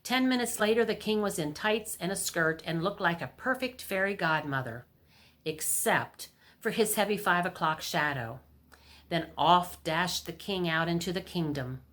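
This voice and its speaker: Woman, library storytime reader, storybook aloud, expressive, slightly low voice. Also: normal speed.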